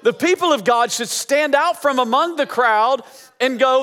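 A man's voice: extremely high pitch, moderate pace, bright, forceful tone, in a large hall, some chatter behind. A man preaching as pastor, emphatic and repeating phrases for effect. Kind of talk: sermon.

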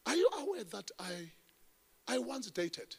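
South African man, pastor preaching a sermon, high voice, animated storyteller. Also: a little slow, breathy edge. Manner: animated storytelling preacher, swinging between loud and hushed. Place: church.

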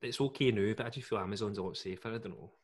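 Chatty Scottish man, lowish voice. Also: rapid-fire, a crowd in the background. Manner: chatty, jokey, laughs often. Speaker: podcast co-host. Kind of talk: casual chat.

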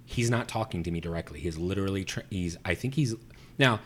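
A man with a somewhat low voice tells a story in casual chat. He rants with plenty of animation and acts out the people he argued with, his voice jumping up when he gets heated. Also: fairly quick, husky. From Puerto Rico. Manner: animated ranting, acting out both sides.

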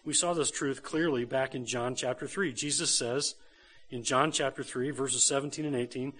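A male pastor delivering a sermon in an emphatic, earnest way. He circles back over his key phrases, repeating them for weight. He often turns to his listeners with quick rhetorical questions. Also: medium pitch, steady tone, fairly bright tone, breathy edge.

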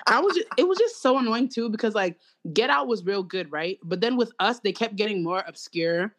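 A woman's voice: medium pitch, lively intonation, fairly quick. A young woman, chatting casually and ranting with mocking, profane humor and quoted asides. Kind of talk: casual chat.

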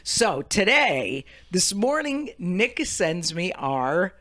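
Animated, swearing woman podcast host. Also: takes it slowly. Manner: animated, profane, jumps into high excited pitch when telling stories. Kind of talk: casual podcast chat.

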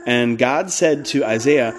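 Guy preaching on his podcast, blunt n emphatic, mid pitch, faint hiss behind. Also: measured pace. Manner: emphatic, blunt, with restarts and asides. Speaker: podcast host. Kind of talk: casual preaching monologue.

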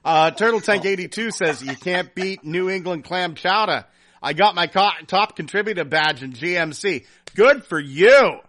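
A man hosting a casual podcast, reading listener comments and telling a story in a profane, animated way. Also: sits high, moderate pace. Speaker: podcast host.

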